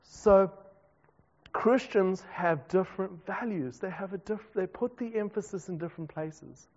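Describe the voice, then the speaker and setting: A South African man preaches in a relaxed, conversational way, breaking into self-deprecating asides. His voice sits high for a man. The recording is muffled, with a long echo from a big hall. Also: measured pace. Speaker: pastor. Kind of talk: sermon. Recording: dull reverberant hall recording.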